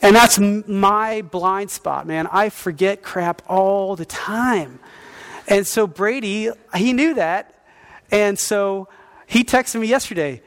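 A middle-aged man preaching a sermon as pastor, telling stories with lively acted-out quotes. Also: sits high, slow, gravelly. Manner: animated storytelling with acted-out quotes.

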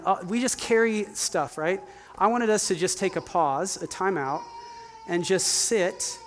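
A man's voice: sits high, fairly bright tone. A man in his forties, a youth pastor, preaching a candid, conversational sermon and asking the congregation to call out answers. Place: church sanctuary. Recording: long hall reverb.

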